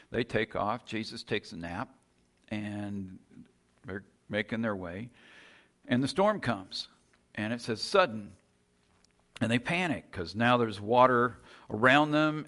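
A man's voice: lowish voice, fairly bright tone. A man preaching a sermon, retelling a scripture story in a conversational way with rhetorical questions and frequent restarts.

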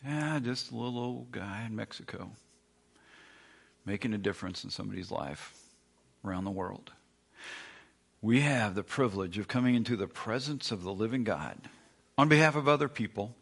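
Gravelly, forceful low-voiced host. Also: male voice, normal speed, long pauses.

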